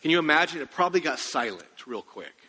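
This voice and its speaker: A pastor preaching in a conversational way, often putting questions to the congregation. His voice sits high and sounds bright and forceful. The hall gives it a long, ringing reverb. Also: very animated, fast talker, slightly rough. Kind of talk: sermon.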